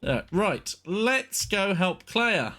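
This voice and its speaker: A man's voice: high voice, sing-song, slow pace, sharp tone. A man streaming a game live, talking in a rambling, self-interrupting casual way. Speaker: gaming streamer.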